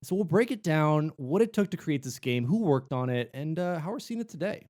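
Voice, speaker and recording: A man co-hosting a gaming podcast, his pitch rising and falling in a lively, playful way. He moves between reading background notes and casual joking, and sounds at ease and chatty. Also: a little fast. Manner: jokey, playful, animated. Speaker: podcast co-host.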